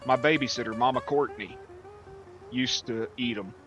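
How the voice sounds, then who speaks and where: Man, gaming livestream, casual chat, rambling, profane, folksy, bright voice, faint guitar music behind. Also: medium pitch, normal speed.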